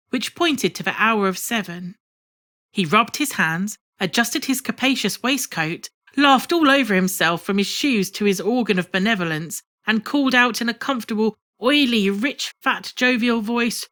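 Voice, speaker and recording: Woman audiobook narrator, measured and expressive classic storytelling. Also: mid-range voice. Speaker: audiobook reader. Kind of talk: scripted narration of a classic novel.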